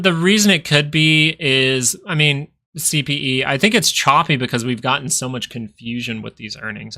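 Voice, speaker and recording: Guy rambling through stock charts on a livestream, kinda gravelly fry in his voice. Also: medium pitch, bright, forceful tone. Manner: rambling, thinks aloud over charts, frequent fillers. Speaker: stock market livestream host. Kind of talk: casual live market commentary.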